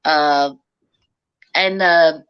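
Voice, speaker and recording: A woman's voice: low-pitched, fairly even intonation, very slow, clean tone, lo-fi sound. A woman from the Southern United States with a Southern accent, chatting casually as a guest in a folksy, talkative way. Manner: chatty and folksy, talks at length. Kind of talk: casual chat.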